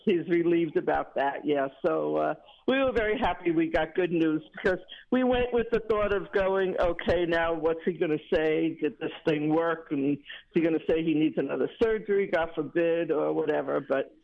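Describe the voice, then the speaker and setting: A woman's voice: sits low, normal speed, creaky. Chatty woman caller on a dull phone line. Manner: chatty, retells stories with laughter. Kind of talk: casual phone chat.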